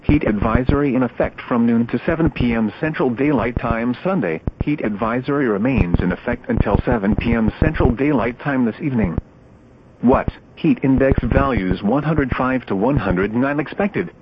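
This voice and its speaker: A man's voice: mid-range voice, moderate pace. A computer-generated male voice reading a weather broadcast in clipped, evenly spaced phrases, each chopped apart from the next. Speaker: weather radio announcer. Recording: dull lo-fi radio with loud static.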